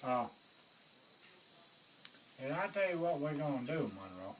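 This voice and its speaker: Animated, swearing veteran storyteller. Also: male voice, on the high side, measured pace, a little hiss or hum, poor audio. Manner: animated, swearing, acts out voices of others. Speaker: Vietnam veteran recounting service.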